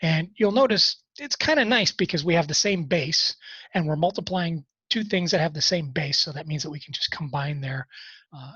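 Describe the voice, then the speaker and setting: Recorded in a dry, muffled way, a college math lecture has a man speaking at normal speed in a slightly high, slightly rough, somewhat bright voice. He works through problems conversationally, with wry, self-deprecating asides.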